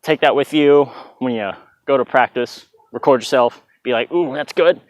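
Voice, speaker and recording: A man's voice: medium pitch, fairly even intonation, moderate pace, no room sound. Chatty man teaching dance moves. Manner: chatty, loose, vocalizes beats with "bah". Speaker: dance instructor. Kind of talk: casual dance tutorial. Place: outdoors in hot weather. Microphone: plugged-in mic, sometimes stepping away.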